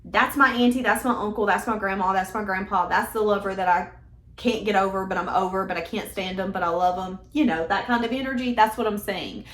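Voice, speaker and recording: A woman's voice: mid-range voice, fairly quick, a bit bright. A woman giving a casual tarot reading in a chatty, emphatic, conversational way. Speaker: tarot reader. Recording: echoey room.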